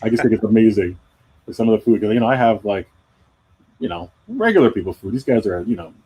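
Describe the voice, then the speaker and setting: A middle-aged man chats on a live drawing stream with a quick, tumbling pace. His voice is husky, and he rambles in a jokey, self-deprecating way. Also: fairly low pitch, lively intonation, dark tone, low-quality recording. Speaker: comic artist hosting a live drawing stream. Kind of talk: casual chat.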